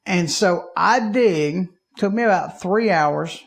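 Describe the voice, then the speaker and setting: A man from Alabama, co-hosting a podcast and telling a story in a lively way, acting out his own panicked reactions. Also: sits high, slow pace, gravelly. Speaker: podcast co-host. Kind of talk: casual chat.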